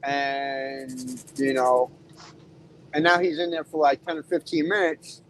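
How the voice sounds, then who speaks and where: A man's voice: mid-range voice, level tone, takes it slowly, a little hiss or hum, low-quality recording. A man who drives a truck, telling a blunt, profane story in casual talk from inside his cab. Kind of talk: casual storytelling while driving.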